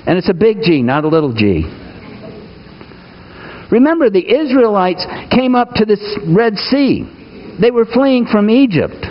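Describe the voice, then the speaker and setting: A man preaching a sermon, asking his listeners questions and moving between raised, urgent lines and hushed asides. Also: sits high, sing-song, measured pace, pauses often, dull audio, slight background noise. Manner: asks the congregation questions, swings between raised and hushed delivery. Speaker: pastor.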